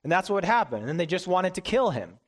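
A man preaching in a relaxed, conversational storytelling way. His voice sits a little high for a man, and he acts out the people in his story. His sermon keeps an easy, talkative feel. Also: fast. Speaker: pastor.

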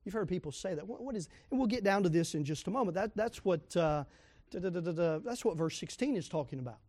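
A man with a high voice preaches a sermon, reading scripture aloud and putting questions to the congregation. He pushes into sudden loud emphasis, and the sound is dry and close. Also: expressive, fast talker, dry recording. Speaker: pastor.

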